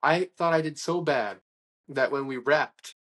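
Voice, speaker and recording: A man's voice: a little high, a little slow. Talkative man telling a long story. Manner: rambling, animated anecdotes with restarts and acted-out quotes. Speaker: interview guest. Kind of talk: casual conversational storytelling.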